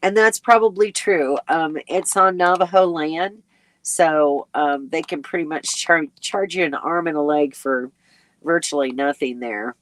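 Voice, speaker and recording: A woman's voice: deep voice, unhurried, fairly bright tone, no room sound. A woman hosting a casual live stream, reading viewer comments aloud and chatting in a rambling way with frequent ums and little laughs, sleepy and yawning. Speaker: RV travel vlogger hosting a live chat.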